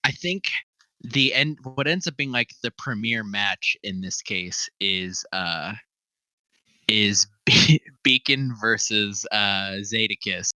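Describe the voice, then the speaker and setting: Guy running a tabletop game, really bright voice, bouncy pitch, lots of likes and uhs, dry sound. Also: expressive, slow pace, dry recording, low-quality recording. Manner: rambling, laughs often, many fillers. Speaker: game master.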